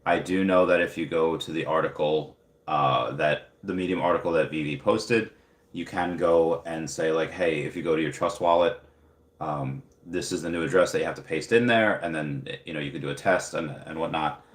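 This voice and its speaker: A man's voice: extremely low pitch, moderate pace, reverberant. A young man hosting a casual livestream, reading viewer comments aloud and rambling with many fillers. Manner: rambling, filler-heavy, upbeat. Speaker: livestream host.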